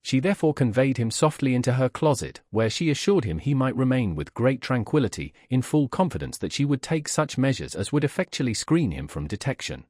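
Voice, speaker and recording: In a measured, expressive storytelling style, a man reads a classic novel as an audiobook. His voice sits in the mid range, and the studio-quality recording has no echo.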